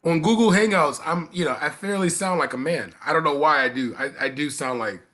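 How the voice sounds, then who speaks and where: A man with a high voice chatting casually on an online panel over a video call. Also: fairly quick, a bit bright. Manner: high voice that others tease.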